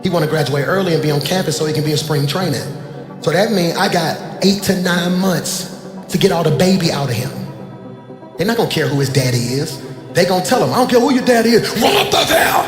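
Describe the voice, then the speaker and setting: A pastor in his forties giving a sermon, talking conversationally and then rising to loud emphasis. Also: fairly high pitch, a little fast. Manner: conversational preaching, swings between soft talk and loud emphasis. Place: church sanctuary. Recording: echoey church hall with music behind.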